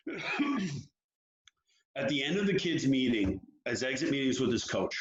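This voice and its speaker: A man who coaches young hockey players, talking frankly and telling stories in an animated way during an interview. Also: medium pitch, brisk, slight background noise. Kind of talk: candid interview talk. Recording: roomy, dull lo-fi sound.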